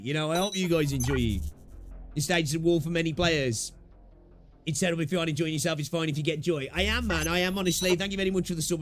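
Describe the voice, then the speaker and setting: A young man live-streaming a game, chatting casually with his viewers, swearing freely and repeating his own phrases. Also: fairly high pitch.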